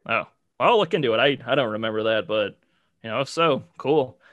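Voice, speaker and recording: A man's voice: mid-range voice, fairly quick, a bit bright, no room sound, highs cut off. A man co-hosting a podcast, talking casually and rambling with lots of "like" and "you know". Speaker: podcast co-host. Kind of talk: casual chat.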